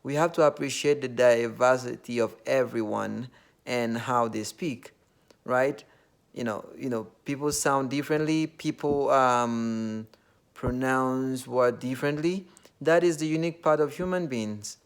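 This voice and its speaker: A man's voice: mid-range voice, measured pace, clear, resonant tone. A man from Nigeria with a Nigerian accent, talking earnestly to the camera in a casual monologue, with many fillers and restarts.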